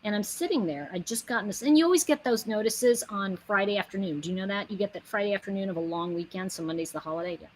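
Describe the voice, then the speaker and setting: A woman's voice: mid-range voice, quick pace, few pauses, a little mellow, poor audio. A woman giving a casual motivational monologue, earnest and emphatic, rambling with many asides. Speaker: inspirational speaker.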